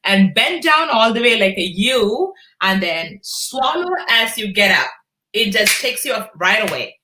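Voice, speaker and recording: A woman's voice: on the high side, lively intonation, a little slow, pushed and bright, reverberant, rough recording. A middle-aged woman hosting a live online broadcast, greeting viewers one by one with many "uh" fillers. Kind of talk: casual live-stream hosting.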